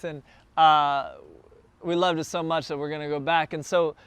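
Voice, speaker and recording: A man telling a story in a smooth, slightly high voice. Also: measured pace, long pauses, no room sound. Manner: animated, builds excitement as the story goes on. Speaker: church planter addressing his launch team. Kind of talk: casual storytelling to a group. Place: backyard gathering.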